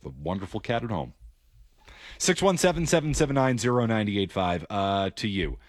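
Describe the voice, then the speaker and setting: A man hosting call-in sports radio, opinionated and brisk as he takes calls. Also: fairly low pitch, sing-song, dry recording, clean studio sound.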